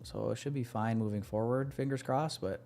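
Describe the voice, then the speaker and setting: A man's voice: medium pitch, moderate pace, vocal fry, darkish tone. A young man giving live commentary on his trades to a stream chat, casual and self-deprecating.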